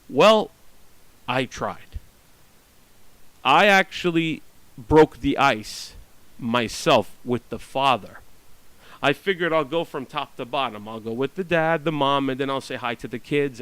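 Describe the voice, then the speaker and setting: A man's voice: mid-range voice, lively intonation, moderate pace, a bit bright, no room sound, poor audio. A man venting about his neighbors in a blunt, profane, ranting monologue. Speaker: vlogger.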